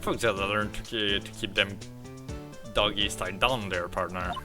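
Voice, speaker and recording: A man doing a loud swaggering cowboy sheriff. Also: on the low side, fairly even intonation, normal speed, lightly acted. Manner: loud drawling tough-guy delivery, no real Southern accent. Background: game music.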